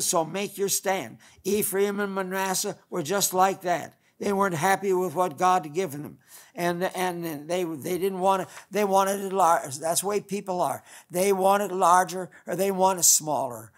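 An older man preaches a sermon in a homespun, wandering style, often restarting his sentences. His voice sits a little high for a man and has a gravelly, creaky edge. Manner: folksy, rambling preaching with restarts. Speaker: pastor.

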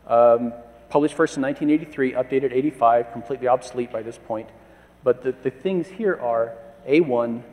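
A man's voice: medium pitch, a little mellow. A man in his fifties giving a conference presentation, telling anecdotes with wry asides. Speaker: conference speaker. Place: conference hall. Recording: long reverb of a large hall.

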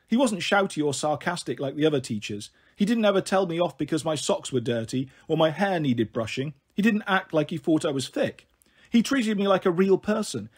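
A male storyteller reads a novel aloud in gentle, steady narration. His voice is high-pitched and husky, with a breathy edge. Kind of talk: storybook reading.

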